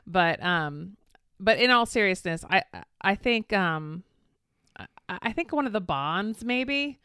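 A woman co-hosting a podcast in casual chat, upbeat and quick to laugh along. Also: mid-range voice, expressive, a bit bright, smooth, no room sound, clean studio sound. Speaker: podcast co-host.

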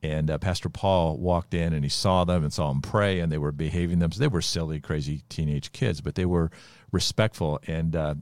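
A man's voice: rumbling low, a little fast, darkish tone, no room sound. An older man hosting an interview, who talks in a folksy, affirming way with many fillers. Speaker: host. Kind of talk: interview talk.

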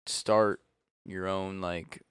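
A man's voice: low-pitched, drawn-out words, clean tone, no echo, studio quality. A man co-hosting a casual podcast, telling stories with lots of laughter. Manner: laughs often, animated storytelling. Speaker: podcast co-host.

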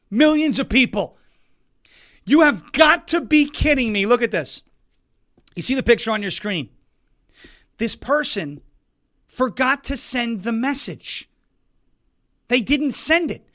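A male political talk host with a very high, bright, cutting voice. He delivers sarcastic, mocking commentary and keeps breaking into exaggerated put-on quotes.

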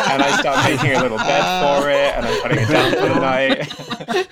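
A man hosting a casual podcast retrospective, chatty and quick to laugh. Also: on the high side, wildly swooping pitch, a bit bright. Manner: laughs often, loose and chatty. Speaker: podcast host. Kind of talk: casual chat.

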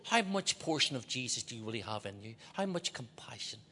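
Impassioned Belfast preacher in a reverberant church. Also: male voice, mid-range voice, sing-song, a little fast. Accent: Northern Irish, Belfast. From Northern Ireland. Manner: impassioned, swinging from loud exhortation to hushed confession, joking asides. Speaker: visiting preacher. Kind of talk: sermon. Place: large church auditorium. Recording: long hall reverb in a big church.

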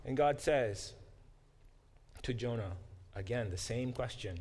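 A man's voice: medium pitch, darkish tone. Man teaching in a classroom lecture. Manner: explanatory, pausing to unpack Hebrew words; acts out quoted speech with dramatic emphasis. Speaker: biblical studies professor.

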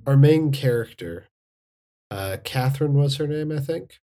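Slow, measured male podcaster. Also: mid-range voice, lively intonation, warm tone. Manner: measured, halting summarizer. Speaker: podcast co-host. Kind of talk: casual film podcast chat.

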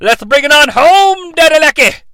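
A man doing a booming brash wrestling commentator. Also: lively intonation, moderate pace, no room sound, exaggerated voice. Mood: hyped, boastful. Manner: shouting catchphrases, calls people baby and daddy. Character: boisterous male wrestling-legend commentator, brash.

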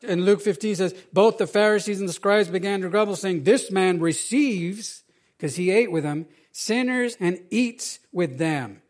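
High-voiced man preaching a lively sermon. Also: a little slow. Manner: animated, conversational preaching with rhetorical questions. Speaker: pastor.

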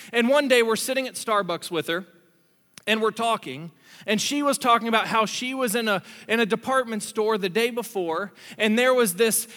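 High bright-voiced preacher in echoing hall. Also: male voice. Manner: conversational storytelling, animated asides. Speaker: pastor. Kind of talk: sermon. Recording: long hall reverb.

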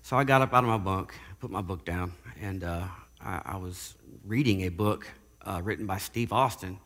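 A man giving a casual spoken testimony, halting and often repeating words as he goes. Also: deep voice, fairly bright tone, long reverb tail. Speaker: guest sharing recovery testimony.

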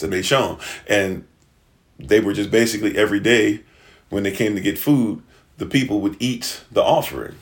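Male preacher, casual sermon, slangy animated storyteller. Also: on the low side, moderate pace.

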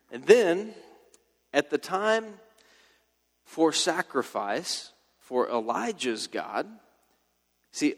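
A man preaching a sermon, retelling a story in a casual, animated way. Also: medium pitch, big-room sound.

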